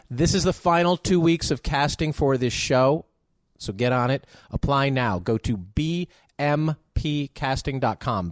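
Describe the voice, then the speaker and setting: A man's voice: medium pitch, dry recording. Chatty male podcast host, dry close sound. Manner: chatty, animated, jokey asides. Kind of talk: solo podcast monologue.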